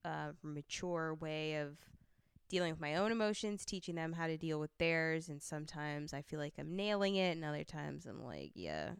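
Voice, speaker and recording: Clear low-voiced woman, thoughtful. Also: normal speed, dry recording, clean studio sound. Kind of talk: casual chat.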